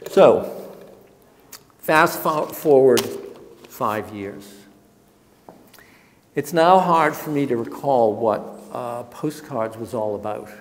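A man from Massachusetts, an author giving a public talk about his writing life, speaking in a reflective, wry way with frequent ums. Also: mid-range voice. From Massachusetts, USA. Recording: long hall reverb.

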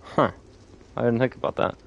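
A young man streams a video game with a friend, chatting casually, swearing freely and laughing often. He talks at a normal speed. The audio is dull, with a little hiss or hum.

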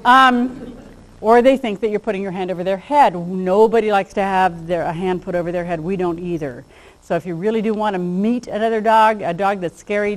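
A woman's voice: mid-range voice, poor audio. Woman dog trainer talking to a class, chatty, acts out bits of dialogue, laughs at her own jokes. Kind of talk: informal lecture to a class.

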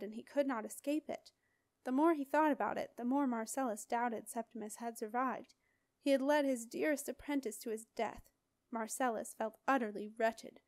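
A woman with a slightly high voice reads a fantasy audiobook, telling the story in an expressive, dramatic way. She's recorded close up and dry, without any reverb.

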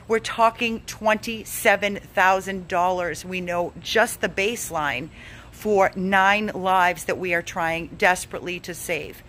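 An animal rescue's head, a woman with a voice on the low side, speaks at a measured pace in a fairly bright tone, with slight background noise. Her donation appeal is urgent and emotionally drained as she pleads repeatedly and begs.

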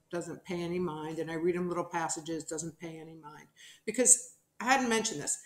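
A middle-aged woman from New Jersey, a podcast guest telling a story in a lively, animated way and acting out the people in it. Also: fairly low pitch. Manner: animated storyteller who acts out quotes. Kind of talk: casual storytelling interview. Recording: roomy echo.

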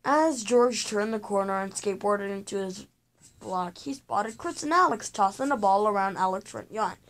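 A woman's voice: medium pitch, normal speed. A woman reading a children's chapter book aloud, telling it with drama and sound effects.

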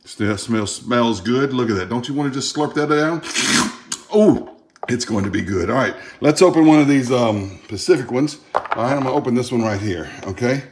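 A man's voice: mid-range voice, moderate pace, slight background noise. A middle-aged man from Louisiana with a Southern accent, chatting folksily while unboxing and tasting food in his own vlog. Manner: folksy, chatty, animated outbursts. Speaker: food vlogger.

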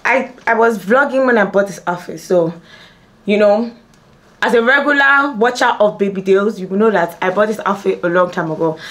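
A woman's voice: mid-range voice, normal speed, fairly bright tone. Chatty young woman vlogging at home. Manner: chatty and playful, talking straight to viewers. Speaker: beauty and lifestyle vlogger. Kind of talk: casual behind-the-scenes vlog. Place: at home, among her filming lights.

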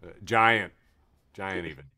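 A man's voice: low-pitched, a little slow, very noisy. A man hosting a podcast, reading memes aloud in casual chat and laughing often. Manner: laughs often, animated describing. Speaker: podcast host.

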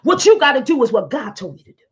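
A woman's voice: sits high, very animated, fast talker, husky, dull audio. A woman pastor hosting an online talk show, preaching fervently over a video call, urging listeners and bursting into hallelujahs and tongues. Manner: emphatic and exhorting.

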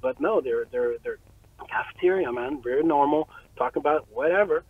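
A man from Montreal, a rapper and chef, excitedly telling stories as an interview guest, swearing and laughing often. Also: mid-range voice, moderate pace, husky. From Montreal, Canada. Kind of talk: casual storytelling. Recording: tinny dry phone-like line.

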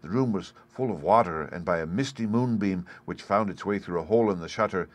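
A man reading a fairy tale aloud in measured storybook narration. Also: deep voice. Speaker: audiobook reader.

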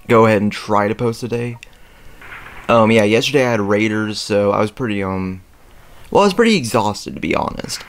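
A young man hosting a let's play, rambling casually with lots of fillers and throat clearing as he plays a strategy game. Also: on the low side. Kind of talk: casual gameplay commentary. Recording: faint game music behind.

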